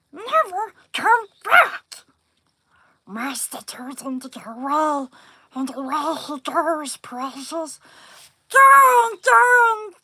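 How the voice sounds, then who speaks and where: Shrill hissy little creature guy, a woman doing him, squeals way up high, stretches his words out slow. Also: sharp tone, no room sound, exaggerated voice. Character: wheedling creature Smeagol, male, shrill and manic.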